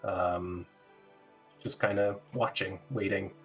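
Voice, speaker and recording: A man narrating as game master of a tabletop game, relaxed and full of fillers. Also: low voice, slow pace, faint music behind.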